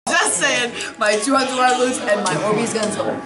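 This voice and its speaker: A woman's voice: a little high, moderate pace, over loud music. Playful teen girl showing off her outfit. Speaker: classmate. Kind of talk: casual chat to camera. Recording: loud crowd chatter behind. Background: loud student crowd.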